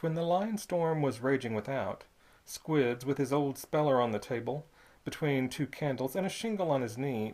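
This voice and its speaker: Audiobook narrator, expressive, pitch moves a lot. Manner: measured, expressive storytelling. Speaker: audiobook reader. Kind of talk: storybook narration.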